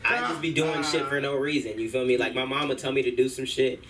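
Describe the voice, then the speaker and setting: A man's voice: medium pitch, steady tone, fast talker, a crowd in the background. A male stand-up comic at an open mic, telling rambling, slangy stories in a loose, casual way. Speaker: stand-up comedian. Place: comedy club open mic. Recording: distant room mic with faint hum.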